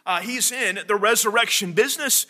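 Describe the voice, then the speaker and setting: A man preaching a sermon, earnest and halting, with many fillers and restarts. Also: high voice, sharp tone.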